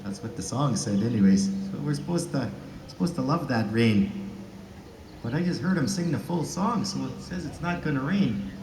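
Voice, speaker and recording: A man tells funny stories to a crowd and plays flute outdoors in a park, chatty and chuckling. He sounds set back from a touchy microphone, with a roomy echo around him and a steady wash of background noise. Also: medium pitch, normal speed. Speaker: flute player and storyteller. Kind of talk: casual storytelling to an audience. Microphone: touchy microphone he stands back from. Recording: echoey, distant, noisy outdoor sound.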